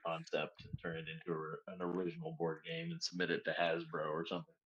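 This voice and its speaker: A sick man with a scratchy, hoarse voice, rambling playfully in casual chat on a stream. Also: sits low, very animated, fast, fairly bright tone, dull audio. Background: game music.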